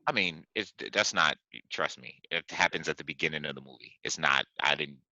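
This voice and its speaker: A man hosting a podcast, casually chatting about movies, animated and laughing, often repeating himself. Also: a bass voice, fairly quick, no echo, lo-fi sound. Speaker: podcast host.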